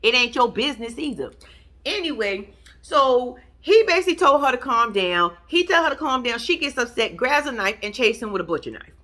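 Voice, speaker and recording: Blunt, sassy woman with a bright voice. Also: animated, fairly quick. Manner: blunt, sassy, swears freely, swings pitch up for emphasis. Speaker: show recap host. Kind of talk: casual reality-show recap commentary.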